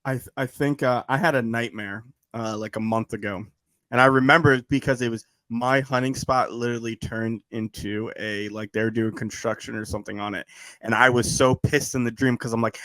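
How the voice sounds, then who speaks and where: A man talking casually as a podcast guest, animated and rambling with lots of restarts. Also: medium pitch, fairly quick, no echo. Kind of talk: casual chat.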